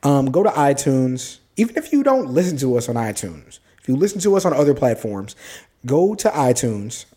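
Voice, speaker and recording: A man's voice: medium pitch, sing-song, moderate pace, mellow, slightly rough. A man co-hosting a casual podcast, loose and joking, often trailing off with ums. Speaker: podcast co-host.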